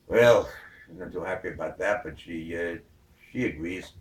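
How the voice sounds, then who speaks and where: A man's voice: deep voice, moderate pace. A man telling a long joke in a rambling way, full of fillers. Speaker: joke teller. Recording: echoey room from far off.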